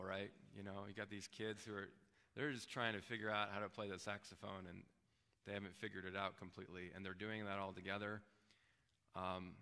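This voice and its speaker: Gravelly-voiced conversational pastor. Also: male voice, lowish voice, pushed and bright, long reverb tail. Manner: conversational, often checks in with "right?". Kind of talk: sermon. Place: church sanctuary.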